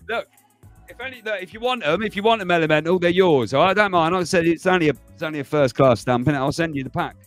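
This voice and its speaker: A man's voice: fairly high pitch, quick pace, faint music behind. A man hosting a livestream, chatting casually to viewers, rambling and laughing as he goes. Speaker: livestream host.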